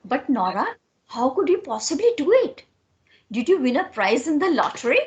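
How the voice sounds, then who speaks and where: A woman with an Indian English accent reading the part of a sober, worldly friend in a measured tone. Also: sits high, big pitch swings, muffled recording. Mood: earnest.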